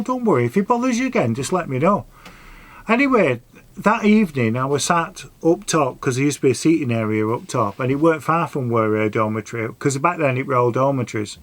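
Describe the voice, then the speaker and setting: A man's voice: mid-range voice, no room sound. A middle-aged man, telling a rambling personal story and giving earnest advice in a casual vlog. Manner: rambling, earnest, dialect grammar. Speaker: vlogger.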